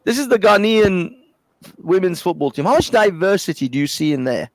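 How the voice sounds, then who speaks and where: A man's voice: high-pitched, expressive, normal speed, no room sound. A man, co-hosting a podcast in heated casual chat, swearing and exasperated, often laughing through his points. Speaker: podcast co-host.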